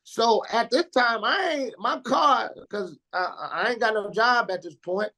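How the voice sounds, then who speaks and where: A man in his forties from Indiana, a radio DJ telling stories as an interview guest in slangy, animated speech, acting out the people he quotes. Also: high voice, unhurried. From Indiana, USA. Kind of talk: casual storytelling interview.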